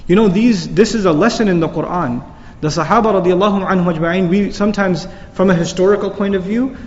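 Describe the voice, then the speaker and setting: A man's voice: sits high, a little mellow. A man teaching a Quran lecture, explaining Arabic words and reciting verses, recorded lo-fi in a reverberant hall.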